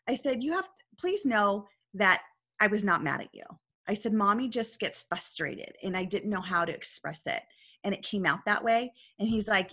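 A woman's voice: medium pitch, expressive, brisk, sharp tone, husky. A woman coach talking earnestly in a casual discussion, telling a story and often checking in with "right?".

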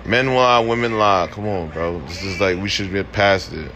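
A man's voice: deep voice, fairly even intonation, normal speed, a crowd in the background. A young man hosting a podcast, ranting casually with lots of slang and swearing, laughing often. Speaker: podcast host. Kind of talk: casual opinion rant.

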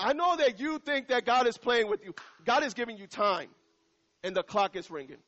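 A middle-aged male pastor preaching to his church in a loose, conversational way, drawing out key lines slowly and repeating them. His voice sits high for a man. The recording sounds muffled and lo-fi. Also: lively intonation, a bit bright. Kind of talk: sermon.

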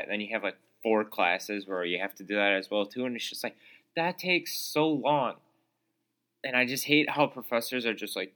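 Bright-voiced young man ranting. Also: mid-range voice, animated, moderate pace. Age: young adult. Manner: exasperated, sarcastic, lots of fillers. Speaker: solo podcast host. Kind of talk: casual ranting monologue. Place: small room, calls it his studio.

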